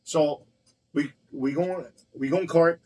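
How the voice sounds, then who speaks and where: A man's voice: fairly high pitch, steady tone, takes it slowly, warm tone, rough recording. A man who owns a restaurant, telling stories in a blunt, profane, heated way during a casual conversation. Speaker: restaurant owner. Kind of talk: casual storytelling.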